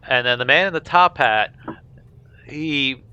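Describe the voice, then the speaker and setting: A man's voice: medium pitch, lively intonation, unhurried, bright, forceful tone, clear, resonant tone, dull audio. A man narrating a tabletop game as game master, in a loose, casual way with many fillers.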